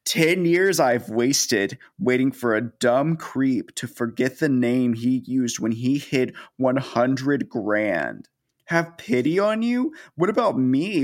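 A man voicing a bitter, greedy woman berating her partner in a shrill tone. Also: natural voice.

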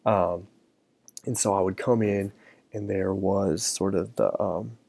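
A middle-aged man talks through his podcast episode in a relaxed, meandering way, leaning on fillers as he thinks aloud. His voice sits low with a gravelly edge and a dark, mellow tone. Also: slow pace. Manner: relaxed, many fillers like um and you know. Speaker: podcast host. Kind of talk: casual solo podcast talk.

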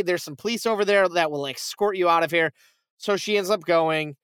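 A man retelling a movie plot in casual podcast chat, animated and swearing, acting out the characters' quoted lines. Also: on the high side, no echo. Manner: animated storytelling, swearing, quick quoted asides.

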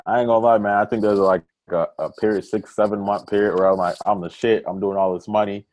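A man's voice: lowish voice, steady tone, quick pace, a little mellow. A man as a podcast guest, talking in a laid-back, slangy, motivational way. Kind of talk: casual podcast interview.

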